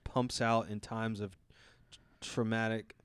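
A man with a smooth, resonant voice thinks out loud in a loose, rambling way. The recording is dry and close. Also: lowish voice, little pitch movement, a little slow, no room sound. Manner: rambling, musing, casual swearing. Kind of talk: casual chat.

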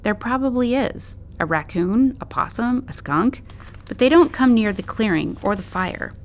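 A woman's voice: fairly high pitch, animated, normal speed, voice pushed up, natural voice. A woman voicing a playful, theatrical young man who talks in a mock-grand, teasing way. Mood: reassuring.

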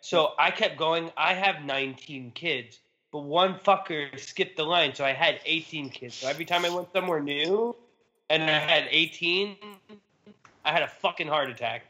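A man's voice: a little high, normal speed, pushed and bright. A man telling a funny story in a casual podcast chat. He swears freely and tells it with lots of animation. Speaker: podcast co-host. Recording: slightly dull lo-fi podcast audio.

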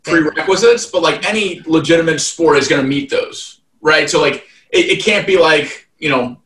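A man in his thirties chats as an interview guest in a fairly high voice, piling up fillers and restarting his sentences as he goes. He sits well back from the mic in an echoey room. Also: normal speed, fairly bright tone. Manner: rambling, heavy "like" fillers and restarts. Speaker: guest, fight event promoter. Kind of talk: casual interview chat. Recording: roomy, distant mic.

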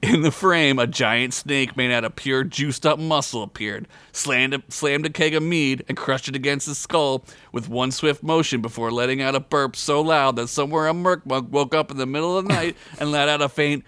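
A man tells a raunchy comic story in an easy podcast narration, dropping jokey asides between the lines. His voice sits at an ordinary middle pitch. The recording is dry and close, with no room echo. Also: normal speed, hardly any pauses, pushed and bright, smooth.

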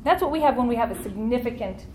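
A woman's voice: a little high, expressive, fast, dark tone, slight background noise. Earnest woman leading a Bible study. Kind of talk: teaching a church Bible study class.

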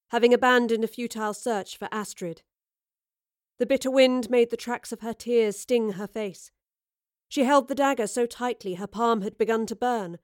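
Higher-voiced woman narrating a story. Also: darkish tone, dry recording, studio quality. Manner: measured storytelling. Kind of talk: audiobook drama narration.

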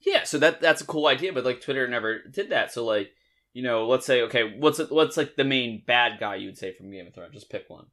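A man co-hosting a podcast in easy, casual chat. His voice rings bright and forward, and he rambles along in an animated, joking manner. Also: mid-range voice, fairly quick. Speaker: podcast co-host.

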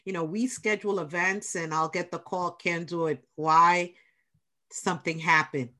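Woman, New York accent, middle-aged, podcast host, emphatic, a bit low-pitched. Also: steady tone, moderate pace, bright, forceful tone. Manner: emphatic, repeats key points, encouraging. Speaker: podcast host, small business center director. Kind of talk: casual interview chat.

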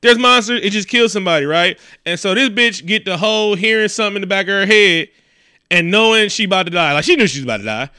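A man recapping a movie in a casual, profane way, animated and acting out the scenes. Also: sits high, quick pace, smooth, no room sound, studio quality. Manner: animated, swears heavily, acts out scenes.

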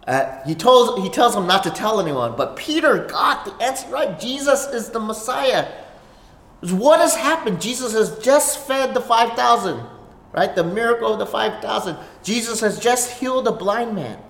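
A pastor preaching a sermon, swinging between emphatic declarations and hushed asides, often asking "right?". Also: medium pitch, animated, moderate pace. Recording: echoey reverberant hall.

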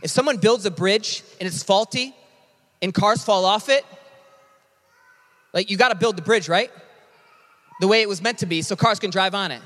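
A man preaching a sermon as a pastor, animated and conversational, with quick asides. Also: high voice, in a large hall.

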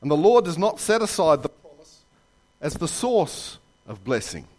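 Animated man preaching a sermon. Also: fairly high pitch, normal speed. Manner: animated storytelling with jokes and asides. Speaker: pastor. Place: church.

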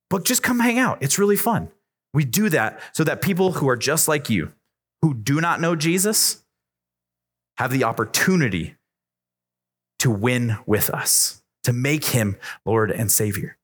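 In a church youth room, a youth pastor delivers an emphatic, repetitive sermon to young people. His pitch climbs whenever he gets excited.

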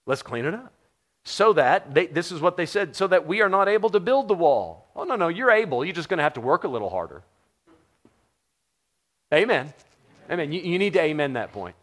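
A man's voice: on the high side, sing-song, a little fast, pauses often, a bit bright. A middle-aged man from the United States preaching a sermon in a conversational, joking way, often putting questions to the congregation. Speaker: pastor.

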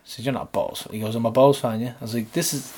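A man, co-hosting a podcast and animatedly retelling his week, swearing and shouting out the lines he quotes. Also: medium pitch, fairly even intonation, fast talker, slight background noise. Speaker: podcast co-host. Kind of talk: casual storytelling chat.

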